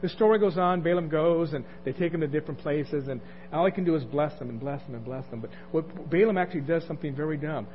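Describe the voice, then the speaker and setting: High-voiced man preaching a sermon. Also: fast. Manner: conversational, asks the congregation questions, chuckles. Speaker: pastor. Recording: dull lo-fi recording, faint noise.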